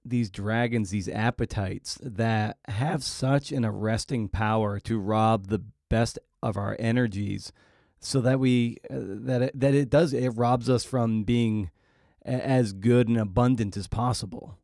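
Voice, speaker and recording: A man's voice: fairly low pitch, fairly even intonation, measured pace, vocal fry, a little mellow, dry recording. Male podcast host, dry close sound. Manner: rambling questions with restarts, laughs along. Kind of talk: interview questions.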